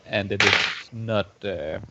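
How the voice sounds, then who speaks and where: A man playing a calm, gravelly archer. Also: fairly low pitch, measured pace, heavy background noise. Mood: warning. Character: wary archer warning off guards. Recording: dull lo-fi recording.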